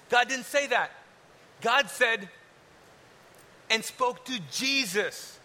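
High, sharp-voiced preaching man. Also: expressive, slow, long pauses. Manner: casual, conversational preaching that drops to soft, hushed tones. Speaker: pastor. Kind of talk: sermon. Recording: long hall reverb, faint hiss.

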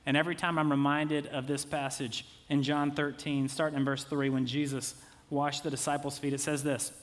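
Man, 30s, pastor; relaxed conversational sermon with humorous asides, a touch high in pitch. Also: moderate pace. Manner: conversational, jokey asides, acts out quotes.

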